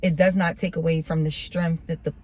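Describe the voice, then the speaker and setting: A woman's voice: deep voice, flat delivery, a little fast, dark tone. A woman vlogger giving a casual, earnest motivational talk on faith, repeating phrases for emphasis in a preacher-like way.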